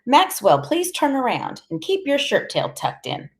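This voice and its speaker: A woman's voice: high voice, huge pitch swings, unhurried, voice pushed up, heavily acted. A woman reading an audiobook, voicing a fussy, proper grandmother who talks in a prim, polite way.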